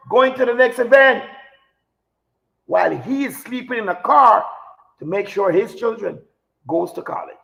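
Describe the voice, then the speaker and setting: A man's voice: extremely high pitch, gravelly, a bit bright, poor audio. A man hosting a live talk show, delivering an emotional, preachy monologue with repeated phrases for emphasis.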